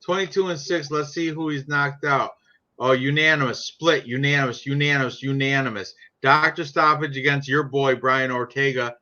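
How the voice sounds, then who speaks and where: Brash, profane man, bright lo-fi voice. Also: medium pitch, steady tone, normal speed. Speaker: sports picks podcaster. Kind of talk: casual sports chat. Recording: dull lo-fi sound.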